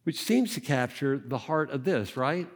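A man's voice: mid-range voice, expressive, measured pace. Conversational male pastor preaching. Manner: conversational, keeps asking "right?", direct to the congregation. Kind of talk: sermon. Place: church service.

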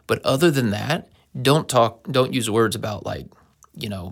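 A man's voice: mid-range voice, normal speed, gravelly. A man in a casual conversation, telling stories in an earnest, anecdotal way.

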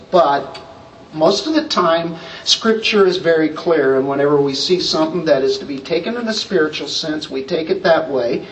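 A man's voice: a little high, far from the mic, low-quality recording. Male pastor, expository sermon, emphatic with rhetorical questions; recorded slightly off-mic with light background noise.

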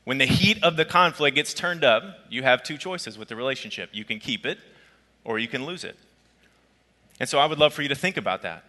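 A man preaching a sermon as a pastor, telling a personal story in a conversational, lively way. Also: medium pitch, brisk, in a large hall. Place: church auditorium.

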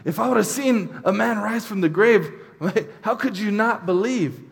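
A man with a high voice preaches a sermon in a church hall, his words trailing off into a long reverb. He talks animatedly and conversationally, stumbling into restarts and tossing in quick asides. The delivery swings between loud, passionate cries and quiet, low-voiced points. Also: expressive, creaky, slightly rough. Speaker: pastor.

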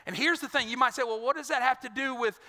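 A man's voice: very high voice, quick pace, pushed and bright, long reverb tail. A male pastor preaching a sermon in an earnest, conversational way, often repeating words as he goes.

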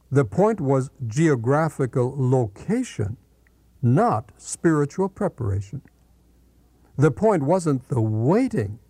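A man reading a Bible commentary aloud in a measured, deliberate teaching manner. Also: a little high, sing-song, dark tone, no echo.

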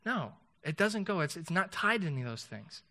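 This pastor's voice sits fairly high, with a sharp tone, and he talks fairly quickly and very animatedly. His sermon is conversational, full of rhetorical questions to the congregation and sentences he keeps starting over.

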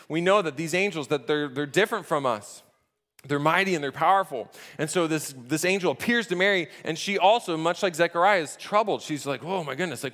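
A man preaching a sermon from a church stage in a conversational, animated way, acting out the scenes. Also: on the high side. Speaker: pastor. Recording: echoey hall reverb.

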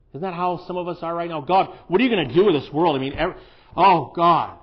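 Animated high-voiced male preacher. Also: fairly quick, lo-fi sound. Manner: animated preaching, swinging from hushed to loud. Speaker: pastor. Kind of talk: sermon. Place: church.

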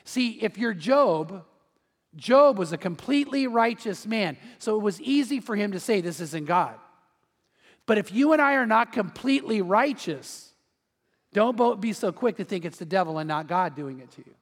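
A man's voice: high-pitched, expressive, normal speed. A middle-aged male pastor preaching a sermon in a conversational way, acting out quotes and family stories. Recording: long hall reverb.

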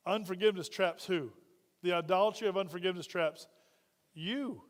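High-voiced pastor preaching in a reverberant hall. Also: male voice, normal speed. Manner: asks the congregation frequent questions. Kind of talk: conversational sermon. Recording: long reverb of a church hall.

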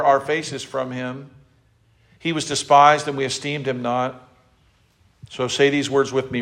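A male pastor preaching in a voice of ordinary pitch. He reads scripture slowly and leads call-and-response with his listeners. His delivery carries emotion throughout. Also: flat delivery. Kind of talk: sermon.

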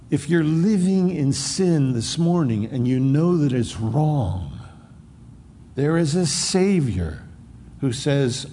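A man's voice: medium pitch, mellow, big-room sound, slight background noise. A man preaching a sermon as a pastor, with emphatic repetition.

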